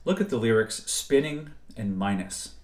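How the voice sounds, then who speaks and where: Male lecturer, measured scripted narration, deeper voice, roomy reverb. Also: lively intonation, soft background music. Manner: measured, precise explanatory delivery. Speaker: music theory lecturer. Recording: roomy echo.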